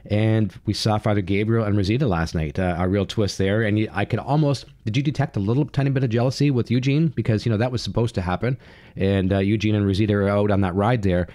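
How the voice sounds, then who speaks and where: Fast-talking deep-voiced male host. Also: mellow, no echo, studio quality. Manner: rambling, filler-heavy, enthusiastic. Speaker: channel host. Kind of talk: casual TV recap monologue.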